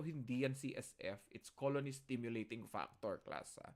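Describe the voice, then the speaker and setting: A man's voice: mid-range voice, fairly quick. A man with a Filipino accent lecturing an online class, teasing his students and switching between English and Tagalog.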